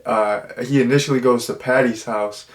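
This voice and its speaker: A man talks through a movie review in a loose, rambling way. He circles back on himself, piles on fillers and restarts sentences as he goes. His voice sits at an ordinary middle pitch. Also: steady tone, moderate pace. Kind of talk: casual spoken movie review.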